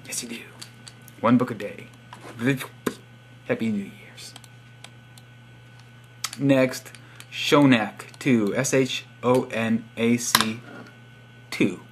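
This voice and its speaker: A man's voice: medium pitch, very slow, pauses often, a little hiss or hum. A young man reading out subscriber profiles in a casual, sarcastic, teasing monologue. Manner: sarcastic teasing, reads profiles aloud with wry asides. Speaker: vlogger giving subscriber shoutouts.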